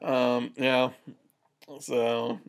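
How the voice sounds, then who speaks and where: A woman's voice: extremely low pitch, monotone, drawn-out words, creaky. A woman co-hosting a podcast, recapping a TV episode in casual chat, laughing often and drifting into side stories. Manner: laughs often, chatty, digressive. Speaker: podcast co-host.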